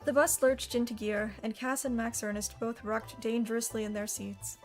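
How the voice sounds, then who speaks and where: A woman's voice: a little high, normal speed, faint music behind. Woman narrating a children's novel. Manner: steady storytelling read. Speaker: audiobook narrator. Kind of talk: scripted narration.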